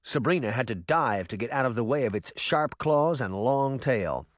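A man narrating a fantasy audiobook in an expressive reading voice. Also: mid-range voice, normal speed, no room sound, studio quality. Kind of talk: scripted narration.

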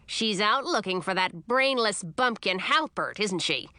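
A woman's voice: animated, a little slow, bright, forceful tone, dry recording. A woman voicing a cranky, bossy old witch grandmother who barks and sneers in a storybook reading. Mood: scornful. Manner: barking, scornful, shrill at times.

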